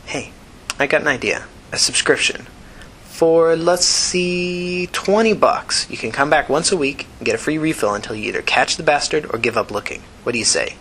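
A man reading a story, voicing a calm, shrewd young woman who sells poison, in a smooth, rich voice. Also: medium pitch, slight background noise, rough recording. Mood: wry. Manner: unhurried, wry.

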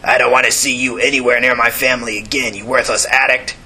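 A man's voice: mid-range voice, level tone, fast talker, sharp tone, breathy edge, heavily acted. A grizzled older man, stern and protective of his family, speaking in a cold, threatening tone, read by a male narrator. The voice sits in a plain, everyday register in this audiobook.

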